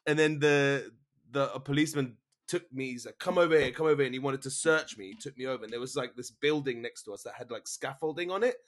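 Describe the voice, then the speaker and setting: A man telling a story in casual podcast chat, animated, swearing and acting out the people he quotes. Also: medium pitch, fast.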